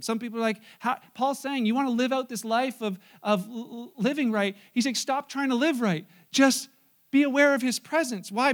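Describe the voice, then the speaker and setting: High-voiced man preaching conversationally. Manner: conversational preaching with asides and humor. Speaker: pastor. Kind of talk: sermon.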